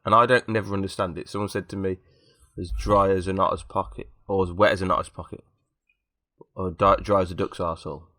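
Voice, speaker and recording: Bright-voiced man with a cold. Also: low voice, steady tone, fast, no room sound, clean studio sound. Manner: joking, rambling and self-mocking. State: has a cold. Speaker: podcast co-host. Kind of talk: casual banter.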